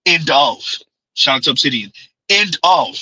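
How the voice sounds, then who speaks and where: Guy ranting on his livestream, high bright voice kinda husky, very dry sound. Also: expressive, unhurried, dry recording, low-quality recording. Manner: emphatic, repetitive, refers to himself in third person. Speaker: livestream host. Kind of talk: commentary livestream.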